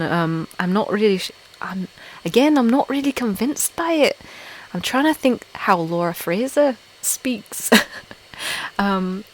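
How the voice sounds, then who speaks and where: A woman's voice: mid-range voice, poor audio. Giggly English woman chatting live. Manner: giggly, filler-heavy, self-deprecating. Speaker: ASMR channel host on a live stream. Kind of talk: casual live-stream chat with viewers.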